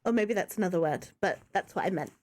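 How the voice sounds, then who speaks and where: A woman's voice: fairly low pitch, fast talker, a little mellow. A woman running a tabletop game as dungeon master over a video call, patiently explaining rules and scenes.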